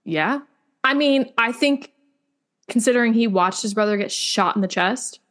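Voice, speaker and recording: A young woman co-hosts a casual podcast, her voice fairly high, moderately paced, and fairly bright. She chats with plenty of fillers and lets her emotions show openly.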